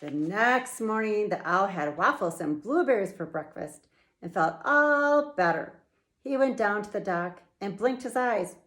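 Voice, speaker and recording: A middle-aged woman and children's author reading her picture book aloud, with slow, playful, expressive storytelling. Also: mid-range voice.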